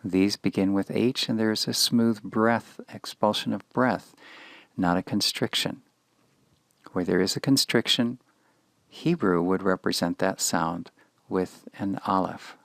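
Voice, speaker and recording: A man teaching a lesson on Hebrew letters and pronunciation, patient and deliberate, spelling out each letter. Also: low voice, creaky, no room sound. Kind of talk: slow instructional lesson.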